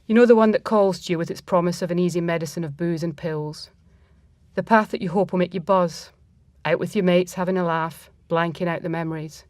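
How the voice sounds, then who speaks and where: A woman reading a first-person story aloud in a reflective, measured manner. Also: fairly low pitch, steady tone, darkish tone, no echo, clean studio sound.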